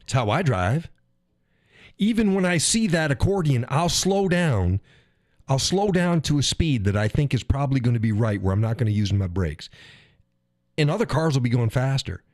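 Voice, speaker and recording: A man hosting his own stream rants casually about politics, cursing freely and acting out quoted drivers with animation. His mid-range voice moves at normal speed, recorded in studio quality with no room sound.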